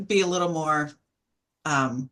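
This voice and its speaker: A woman's voice: sits low, a little slow, fairly bright tone. A woman talking as a guest on a group talk show, candid and hesitant, with many fillers. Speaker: guest publisher. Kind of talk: casual group chat.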